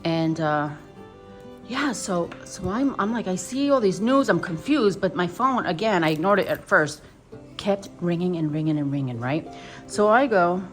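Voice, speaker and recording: A woman's voice: on the low side, lively intonation, moderate pace, faint music behind. A New woman in her fifties tells a personal story on her doll vlog in a rambling, emotional way, full of restarts. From New York. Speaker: doll vlogger.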